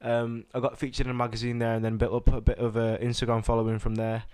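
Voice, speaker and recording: A man in his twenties with a Manchester accent, a podcast guest who answers questions in a calm, matter-of-fact way. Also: mid-range voice, fast, clean tone, no room sound, studio quality. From England. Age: 20s. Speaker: interview guest. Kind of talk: casual interview answers.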